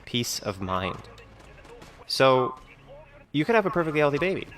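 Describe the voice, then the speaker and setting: A man's voice: mid-range voice, big pitch swings, moderate pace, a bit bright. A man talking in a rambling vlog monologue, full of fillers like "like" and "you know". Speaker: video creator being reacted to.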